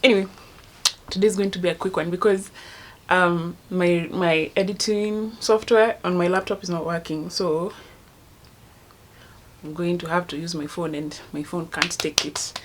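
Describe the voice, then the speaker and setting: Young Kenyan-accented woman, low-ish voice, rambling casual vlogger who sometimes drops her voice to a hush. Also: steady tone, normal speed. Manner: chatty, rambling, laughs at herself; drops to a hushed voice at times. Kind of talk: casual storytelling vlog.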